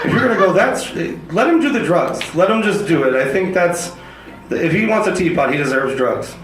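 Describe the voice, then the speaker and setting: A man's voice: on the high side, expressive, fairly quick, background noise. A man performing a crude, self-deprecating stand-up set on a club stage into a handheld mic. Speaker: stand-up comedian. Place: comedy club stage before a live audience. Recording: echoey club with audience laughter.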